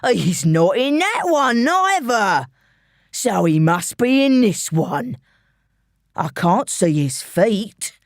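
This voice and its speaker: A woman voicing a menacing male gangster with a London accent, taunting in a slow, mocking drawl. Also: fairly high pitch, sing-song, no room sound, clean studio sound, heavily acted.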